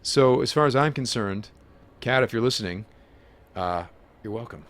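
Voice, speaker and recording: A man's voice: medium pitch, moderate pace, a bit bright. A man co-hosting a developer commentary, jokey and bantering. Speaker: commentary co-host.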